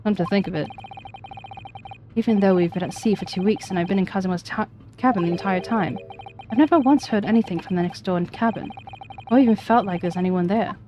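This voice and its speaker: A woman's voice: medium pitch, fairly quick, dark tone, slight background noise, close to an everyday voice. Woman reading an earnest young law student. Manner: earnest, hesitant questioning.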